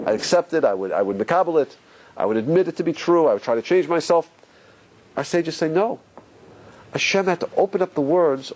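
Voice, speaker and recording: A man, a rabbi, teaching a lively Torah class, questioning his listeners and repeating key points for stress. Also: fairly high pitch, a little hiss or hum.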